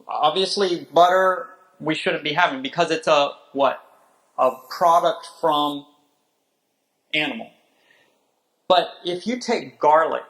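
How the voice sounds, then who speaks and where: A man co-hosting a health talk, adding examples in a halting way with pauses. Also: on the high side, vocal fry, a bit bright, low-quality recording.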